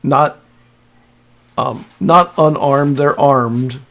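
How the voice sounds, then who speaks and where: A man narrating as game master of a tabletop role-playing game, describing scenes with halting restarts. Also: mid-range voice, gravelly, fairly bright tone.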